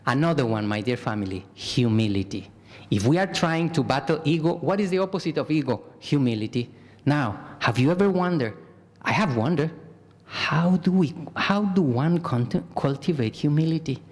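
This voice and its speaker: A man's voice, a little high for a man, rings out with a long reverb through a temple hall. He is a Buddhist monk giving a Dhamma talk. He calls the audience his dear family, asks them to raise their hands and acts out little example phrases. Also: animated, moderate pace. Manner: warm address, repeatedly says "my dear family". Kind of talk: dharma talk to a live audience.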